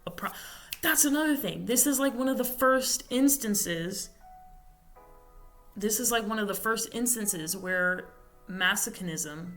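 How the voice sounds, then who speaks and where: A woman's voice: mid-range voice, unhurried, fairly bright tone, faint music behind. A young woman on a podcast casually retelling a novel's plot, rambling with many fillers and self-corrections. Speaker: podcast host. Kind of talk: casual book recap.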